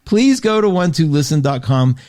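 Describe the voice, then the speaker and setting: A man's voice: a little high, moderate pace. Chatty man hosting a live astrology radio show. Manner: chatty, animated, self-interrupting; reads listener comments aloud. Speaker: host.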